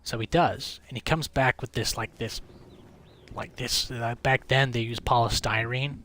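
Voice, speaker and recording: A man's voice: mid-range voice, fairly even intonation, unhurried, fairly bright tone, slight background noise. A man livestreaming a game late at night, telling a long rambling story in casual chat, swearing freely. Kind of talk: casual chat while gaming.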